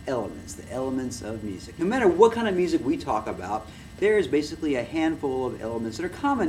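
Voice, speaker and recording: A man teaching a music lesson in a loose, rambling way, with many fillers and restarts as he claps and plays to demonstrate. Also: a little high. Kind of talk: casual recorded lecture. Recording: noisy room, mic far from the speaker.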